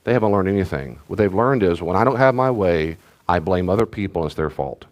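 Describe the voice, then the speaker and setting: A man's voice: deep voice, expressive, fast talker. A middle-aged man, a pastor, teaching in a conversational, rambling way with restarts and asides. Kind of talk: sermon-style teaching talk.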